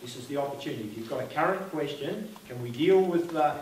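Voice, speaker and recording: A man's voice: a little high, fast, a little mellow. Official guy being conciliatory, hesitant, far off in a very echoey hall. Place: community hall. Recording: very echoey hall from a distance, faint noise.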